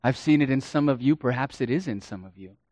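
A man preaching a sermon, dramatic, swinging between hushed and loud and acting out the quotes he reads. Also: mid-range voice, lively intonation, fast, no room sound.

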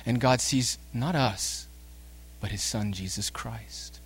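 A male preacher delivering a sermon at an everyday pitch. He drops into soft, slow stretches, then builds to loud, emphatic bursts as he calls the listeners sinners and urges them on. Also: breathy edge.

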